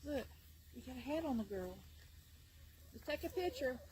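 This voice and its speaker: Outdoors in her backyard chicken yard, a woman films her hens on a phone, doting on them in casual home-video chat, coaxing them and chuckling often. Her voice sits high and is animated and slightly mellow at normal speed, with poor audio and clear background noise.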